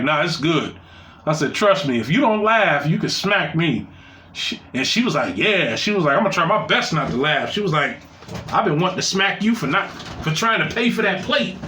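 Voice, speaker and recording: Animated, bright-voiced man telling crude stories. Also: echoey room, slight background noise. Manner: loose, crude storytelling with shifting pitch. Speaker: storyteller. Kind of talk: casual story time.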